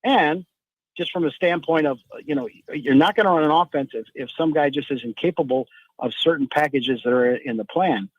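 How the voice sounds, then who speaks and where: A man's voice: a little high, moderate pace, dry recording, muffled recording. A man giving football analysis as a guest on a sports talk radio show, rambling and restarting often.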